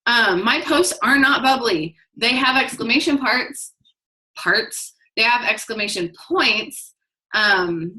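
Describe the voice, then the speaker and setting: Young adult woman, bright and clear tone, frank plain-spoken vlogger giving casual tips. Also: mid-range voice, rough recording. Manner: frank, plain-spoken, many fillers and restarts. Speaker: direct-sales business vlogger. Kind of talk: casual advice talk to camera.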